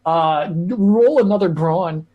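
A man's voice: sits high, slow pace, dull audio. A young man narrating as game master, rambling with lots of filler likes.

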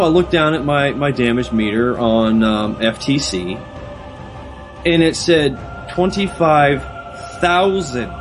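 A man co-hosting a casual gaming podcast, rambling through a story with lots of restarts. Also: on the high side. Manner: rambling, full of fillers and restarts while telling a story. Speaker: podcast co-host.

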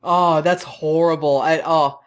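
A woman co-hosting a casual video game podcast, chatty and teasing, quick to laugh. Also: low voice, steady tone. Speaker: podcast co-host. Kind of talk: casual chat about video games.

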